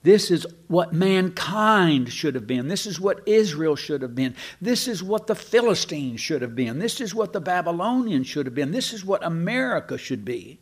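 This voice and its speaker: A man preaching a sermon, slow and emphatic, asking rhetorical questions and sometimes restarting mid-phrase. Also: on the high side, big pitch swings, breathy edge.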